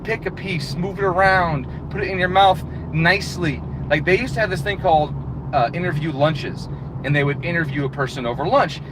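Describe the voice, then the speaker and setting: A man's voice: on the high side, fairly quick, noisy background. A man delivering a heated, profane, exasperated rant as a channel host. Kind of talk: profane ranting monologue.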